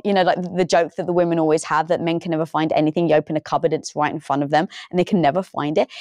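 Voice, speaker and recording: A woman guest in a casual interview, telling lively stories and acting out the lines she quotes. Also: fairly low pitch, very fast, hardly any pauses, dry recording, studio quality. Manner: animated storytelling, acts out quoted dialogue. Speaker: podcast guest.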